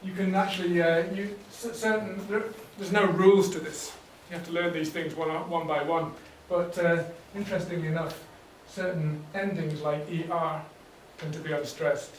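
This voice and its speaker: A man leading a teacher workshop, explaining teaching ideas in a relaxed way with fillers and restarts. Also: on the high side, normal speed, hardly any pauses, slight background noise. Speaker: workshop trainer. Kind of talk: teacher training talk. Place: workshop room. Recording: echoey room, distant mic.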